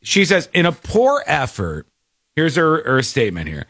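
A man hosts a commentary show and rants with open scorn. His pitch swings widely from line to line. The sound is close and dry, with no room around it. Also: moderate pace, no room sound. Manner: animated, scornful ranting. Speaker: show host. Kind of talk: opinionated commentary.

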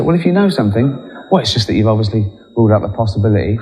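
A man's voice: on the low side, expressive, racing, darkish tone. A man doing a rambling stand-up routine, often breaking into laughter. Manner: giggly, rambling. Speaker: stand-up comedian. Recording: live in a large hall with an audience.

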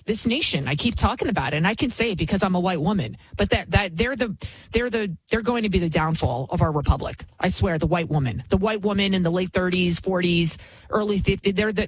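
A woman's voice: medium pitch, breathy edge, low-quality recording. Blunt, indignant woman talk radio host. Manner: indignant, blunt, repeats herself for emphasis. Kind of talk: opinionated talk radio monologue.

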